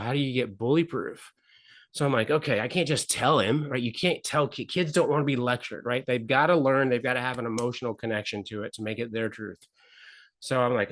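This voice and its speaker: A middle-aged man with a voice of ordinary pitch tells a personal story as a talk show guest. He talks in an earnest way, repeats phrases for emphasis and acts out the people he quotes. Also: a bit bright. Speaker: podcast guest. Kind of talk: candid storytelling interview.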